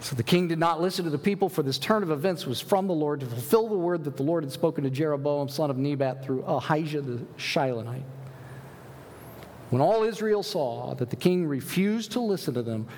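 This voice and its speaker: Man preaching, animated, in a big hall. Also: a little high, a little fast, a little hiss or hum. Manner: animated preaching with rhetorical questions and scripture reading. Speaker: pastor. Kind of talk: sermon.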